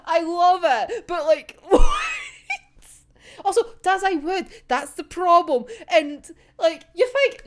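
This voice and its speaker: A woman's voice: high voice, expressive, unhurried. A young woman in casual, sweary reaction chat, giggling often as she talks. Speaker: manga reaction vlogger.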